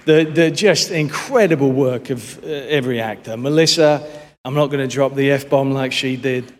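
British man's halting speech in a hall. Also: mid-range voice. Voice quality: halting, full of "uh" fillers. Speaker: award winner. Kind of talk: acceptance speech. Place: large awards hall. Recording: reverberant hall with crowd.

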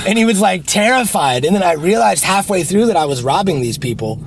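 A man co-hosting a casual podcast from inside a car, telling stories in an animated way and acting out the people in them. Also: fairly high pitch, brisk. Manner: animated storyteller, acts out quoted people loudly. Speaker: podcast co-host. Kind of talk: casual chat. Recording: car interior with road noise.

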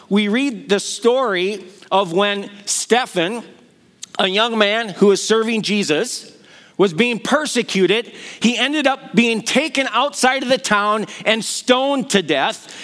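Slow-talking man preaching a sermon. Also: sits high. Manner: animated storytelling, acting out quoted voices. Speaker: pastor.

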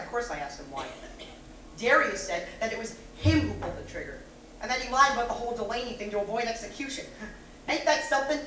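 A woman's voice: medium pitch, bright, forceful tone. A woman playing a wisecracking cannibal prisoner on death row, performing live on stage. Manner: wisecracking, cackles at own jokes. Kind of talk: stage play acting. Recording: echoey stage recording from far off, noisy.

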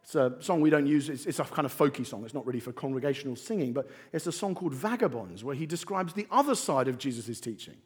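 A man preaching a sermon in a church, animated, swinging from hushed asides to emphatic points. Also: medium pitch, fast talker, hardly any pauses, slightly rough. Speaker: pastor.

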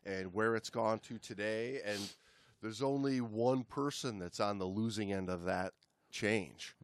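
A man co-hosting a podcast in casual chat, talking in a relaxed, steady, explanatory way. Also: on the low side, unhurried, no echo. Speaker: podcast co-host.

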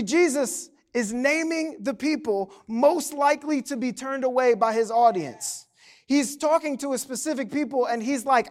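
Male pastor, very high voice, animated sermon delivery with playful asides. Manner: animated, joking asides to the congregation.

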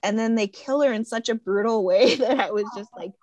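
A woman in casual conversation about a movie, animated, jumping into high-pitched voices when she quotes characters. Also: brisk, dry recording, dull audio.

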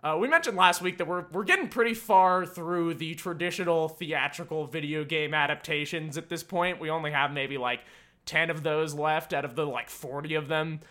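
A young man hosts a podcast in loose, rambling chat with a wry edge. His voice sits a touch high and sounds bright and forward. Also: normal speed. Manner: wry, rambling, frequent laughs and hedges. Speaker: podcast host.

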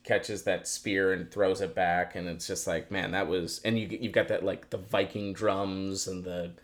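A man co-hosting a podcast, chatting casually about a movie he saw, excitable and swearing, with many restarts. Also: low voice, unhurried. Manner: excited, profane, rambling with restarts. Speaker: podcast co-host. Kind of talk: casual film review chat.

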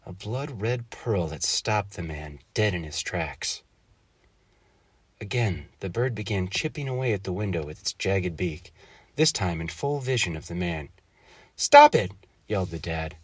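A man's voice: deep voice, animated, breathy edge, dry recording. A man narrating a short bedtime-tale-turned-spooky story, drawing out the suspenseful moments. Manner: dramatic, slows for suspense.

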